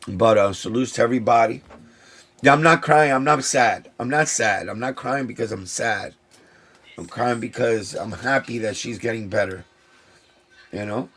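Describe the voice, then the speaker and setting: A man's voice: fairly low pitch, vocal fry, breathy edge. A man, a sneaker vlogger talking to camera in an emotional, heartfelt way that circles back and repeats itself. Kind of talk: casual talk to camera.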